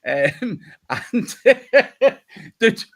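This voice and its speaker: A Scottish man from the United Kingdom hosts a casual livestream chat in a very high, sing-song voice, speaking extremely slowly. He's a laughing storyteller who swears a lot and keeps things chatty.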